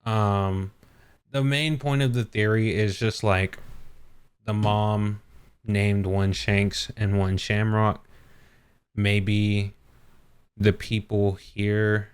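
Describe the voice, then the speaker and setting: Guy chatting on his podcast, low-ish smooth voice, unhurried, does little character bits. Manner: animated, acts out characters' lines in quick bursts. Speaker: podcast host. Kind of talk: casual chat.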